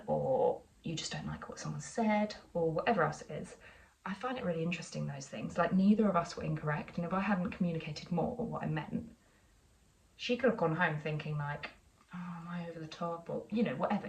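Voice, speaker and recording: A woman's voice: on the low side, far from the mic, a little hiss or hum, poor audio. A woman with an English accent chatting casually in a vlog, telling a rambling story with lots of asides. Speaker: vlogger.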